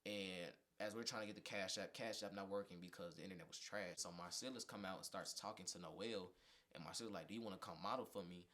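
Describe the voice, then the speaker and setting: A young man with a low, deep voice tells a story in quick, running speech, with the easy flow of a casual podcast chat. He slips into the voices of the people in his story as he goes, acting out what each of them said. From Indiana. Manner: animated storyteller, acts out quoted dialogue. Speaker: podcast guest, fashion designer.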